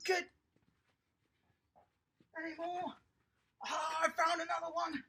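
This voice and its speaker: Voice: very high voice, unhurried. Upbeat kids' tennis coach. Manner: lively, encouraging, praising the children. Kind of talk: home tennis lesson for young children.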